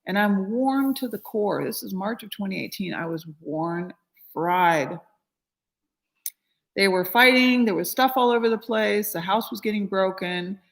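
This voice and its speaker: A middle-aged woman healer recounts a personal story with raw emotion. Her voice sits at a mid pitch, and she talks loosely with many fillers. When she quotes others she jumps up in pitch and volume, acting the voices out. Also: expressive, measured pace, creaky. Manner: conversational, frequent 'you know' fillers. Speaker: spiritual healer.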